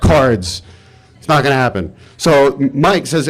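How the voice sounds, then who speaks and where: A man's voice: medium pitch, a little slow. Exasperated man telling a story. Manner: animated, exasperated, swears freely. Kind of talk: live personal storytelling. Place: live stage event.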